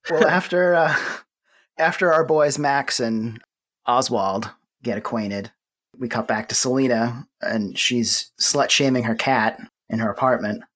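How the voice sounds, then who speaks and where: Brief: male podcast co-host, mid-pitched, laid-back and dryly funny recap voice. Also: measured pace, fairly bright tone. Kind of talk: casual movie-discussion chat.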